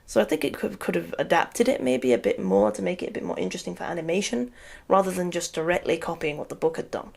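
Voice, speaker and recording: Gravelly, low-voiced woman ranting sarcastically. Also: big pitch swings, fast talker, darkish tone. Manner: rambling and sarcastic, often laughing. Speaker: video reviewer. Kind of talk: casual rant review.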